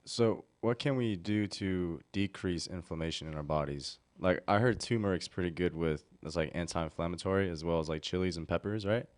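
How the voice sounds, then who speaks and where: A man's voice: sits low, moderate pace, hardly any pauses. A man asking interview questions in a casual way, often saying "like".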